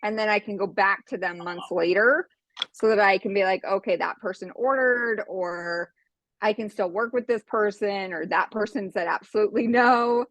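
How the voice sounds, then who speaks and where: A woman's voice: medium pitch, fairly bright tone, no room sound. A woman in her forties on a video call, chatty and slightly out of breath as she tells a story. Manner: chatty, storytelling, quick bursts. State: a little out of breath. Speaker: team member sharing tips. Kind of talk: casual video call chat.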